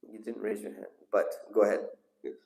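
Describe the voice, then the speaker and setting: A man's voice: lowish voice, fairly quick, creaky, dark tone, a little hiss or hum. A man teaching a storytelling religious lesson, asking the audience questions and calling on listeners. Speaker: sheikh teaching a class. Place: mosque hall. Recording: echoey hall.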